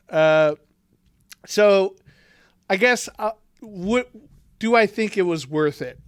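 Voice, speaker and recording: A man's voice: sits high, clean tone, no room sound, clean studio sound. A man co-hosting a podcast, chatting casually, swearing and joking as he acts out quotes. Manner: swearing, jokey, quick to act out quotes. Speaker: podcast co-host. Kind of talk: casual chat.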